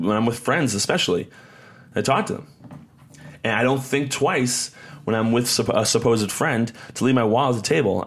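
A young man hosting a podcast, telling a story in a rambling, casual way, often repeating words and acting out quotes. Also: lowish voice. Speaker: podcast host.

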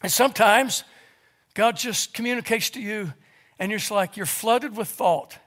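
A man's voice: high-pitched, normal speed, a bit bright. A man preaching a sermon to his congregation in a church, full of rhetorical questions and stammered restarts. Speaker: pastor. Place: church sanctuary.

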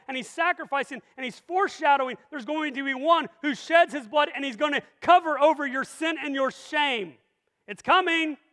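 A pastor preaching a sermon in a church sanctuary, energetic and full of rhetorical questions to the congregation. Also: male voice, very high-pitched. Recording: long reverb of a large hall.

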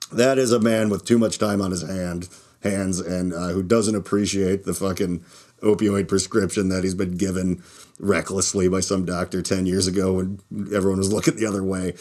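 A man hosting his own show, a stand-up comic talking in a casual, rambling monologue, restarting sentences and laughing at his own jokes. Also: low-pitched. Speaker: podcast host and stand-up comic.

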